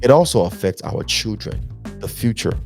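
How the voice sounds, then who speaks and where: A man's voice: fairly low pitch, animated, normal speed, vocal fry, darkish tone, soft background music. A man hosting a relationship podcast, giving earnest, emphatic advice and repeating his points. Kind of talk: preachy relationship advice talk.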